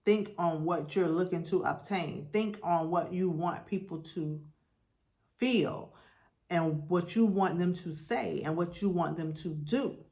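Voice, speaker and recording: Slow, low-voiced woman reading tarot. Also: darkish tone. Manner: slow, repetitive, affirmation-style. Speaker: tarot reader. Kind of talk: spiritual tarot reading monologue.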